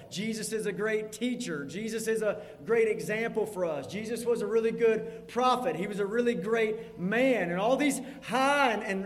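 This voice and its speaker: A man preaching a sermon as pastor, emphatic and rising to fervent peaks before dropping low. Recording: long hall reverb.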